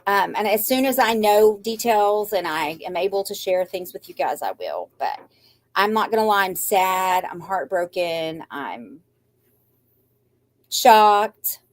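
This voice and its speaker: In an emotional live chat, an older woman who runs a craft channel speaks to her viewers with big pitch swings in a mid-range voice at a moderate pace. Anxious and rambling at first, she becomes defiantly upbeat, though her voice stays shaky and near tears.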